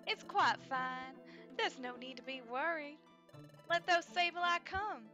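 A tiny, easily offended fairy with a put-on Southern drawl, as a woman plays her, high-pitched and bright. She speaks in a prim, fussy way, slow and proper, like a little lady from a video game. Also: dull audio, soft background music. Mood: reassuring. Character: tiny prissy female time-travel fairy, easily offended.

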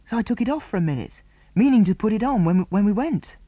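A man voicing an excitable young boy who is easily upset, in a high, anxious and pleading voice. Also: a little slow, husky, no room sound, narrow, tinny audio. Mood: dismayed.

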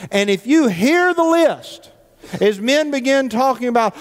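A man's voice: very high-pitched, sing-song, unhurried. Give me a male pastor giving a conversational, joking sermon, with a long church-hall echo. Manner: conversational and joking, repeats words as he restarts. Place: church sanctuary.

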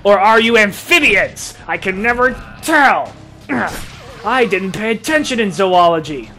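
A man hosting a let's-play video, excitable and profane, often laughing and shouting at the game. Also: sits high, measured pace, faint music behind. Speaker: gaming video host.

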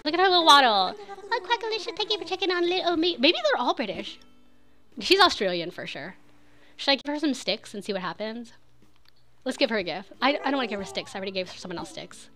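A young woman chats sarcastically while she plays, with a bright, sharp edge to her voice. She swings from loud outbursts down to low muttered asides. Soft game music plays behind her. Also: sing-song, fast talker. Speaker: streamer. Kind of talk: casual game stream chatter.

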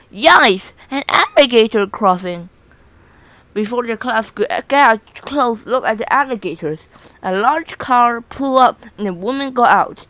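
A woman reading a children's picture book aloud in a slow, careful manner. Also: a little high, a bit bright, dry recording, low-quality recording. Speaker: storybook reader.

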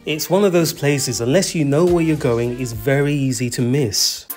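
A man's voice: mid-range voice, normal speed. Playful male travel narrator. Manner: playful, leans on comic details. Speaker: host. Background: faint background music.

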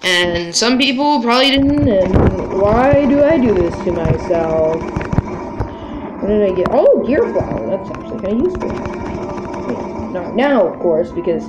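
A woman's voice: medium pitch, big pitch swings, measured pace. Playful woman narrating her gameplay. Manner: playful, exasperated, talks to game characters; bursts into yelps and laughs. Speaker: gaming video creator. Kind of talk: casual gameplay commentary. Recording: roomy with game music behind.

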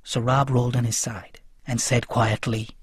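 Husky-voiced man reading an audiobook. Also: medium pitch, little pitch movement, moderate pace, no echo. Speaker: audiobook narrator. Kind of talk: first-person audiobook reading.

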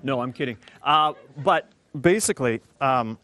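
An actor playing a hot-tempered redneck oil worker, rambling and joking in a live stage monologue. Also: male voice, mid-range voice, lively intonation, normal speed, sharp tone, faint music behind.

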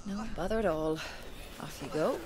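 A woman's voice: on the low side, normal speed, background noise, lightly acted. A woman playing a tough, foul-mouthed survivor in a video game, with a broad, forced-sounding Irish accent full of slang. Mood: wry. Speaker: player character. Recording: game audio over music.

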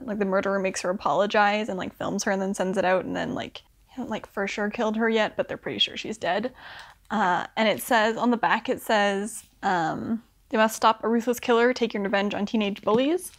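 A young woman talks through a book in a loose, rambling vlog, her voice sitting a little high. She fills her sentences with "like" and slips into quick acted-out asides for the characters. It sounds like an unscripted chat at home. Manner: chatty, full of "like", acts out characters in quick asides. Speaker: book vlogger. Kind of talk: casual rambling book review. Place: indoors at home.

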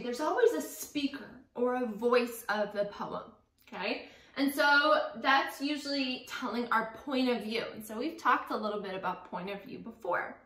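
A woman's voice: a little high, pushed and bright. A young woman teaching a lesson to young students, upbeat and often checking in with "right?" and "okay?". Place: classroom. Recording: echoey room.

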